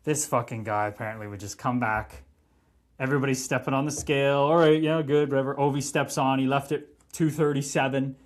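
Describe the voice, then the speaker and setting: A man, a former pro hockey player, telling profane, animated stories as a guest in casual podcast chat. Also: medium pitch, fairly quick.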